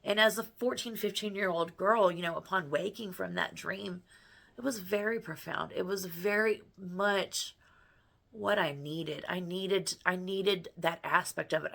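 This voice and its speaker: A middle-aged woman with a notably low voice shares a personal story straight to camera from home. She speaks earnestly and rambles, circling back on herself with frequent restarts and fillers, in the manner of a spiritual vlogger. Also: gravelly, a bit bright. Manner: earnest, rambling, with many restarts and "you know".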